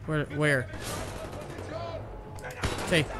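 Game music accompanies a young gamer's casual commentary on a shooter as he rambles, mocks himself, and blurts out his frustration. His voice sits on the high side with a steady tone, and he speaks very slowly against background noise.

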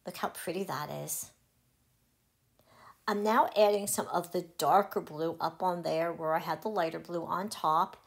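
A woman's voice: lowish voice, fairly even intonation, measured pace, vocal fry. Cheerful woman teaching a craft. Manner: cheerful step-by-step instructing. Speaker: crafting channel host. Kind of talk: craft tutorial voice-over.

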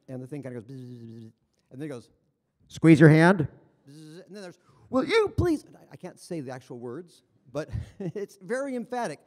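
High-voiced man lecturing in a reverberant hall. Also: darkish tone. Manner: enthusiastic, conversational, wry asides. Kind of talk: conference lecture.

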